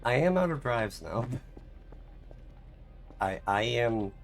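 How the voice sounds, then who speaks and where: A man's voice: medium pitch, big pitch swings, slow pace, vocal fry, soft background music. A young man streaming a game, chatting casually in a rambling, self-mocking way and laughing often. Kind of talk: casual chat while gaming.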